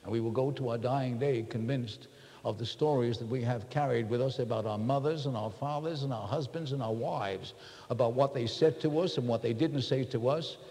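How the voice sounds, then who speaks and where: A man's voice: mid-range voice, normal speed, mellow. Earnest man speaking in a reverberant hall. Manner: earnest, confessional and reflective. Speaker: workshop speaker. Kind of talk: personal talk to a live group. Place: large room with an audience.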